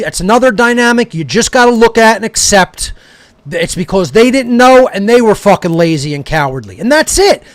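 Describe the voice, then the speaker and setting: High-voiced man ranting and berating. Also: no echo. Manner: aggressive, berating, swearing constantly. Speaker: speaker. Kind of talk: profane ranting monologue.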